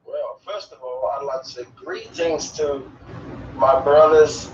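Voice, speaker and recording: A middle-aged man from England, answering remote interview questions in a measured way with frequent hesitations. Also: a little high. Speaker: guest. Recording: distant, roomy, lo-fi call audio with faint noise.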